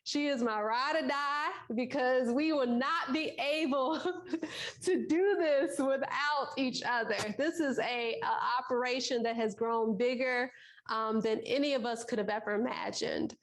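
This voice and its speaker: Woman host, high voice, fond and chatty introduction. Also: fairly even intonation, unhurried. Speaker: event host. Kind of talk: introducing a guest instructor.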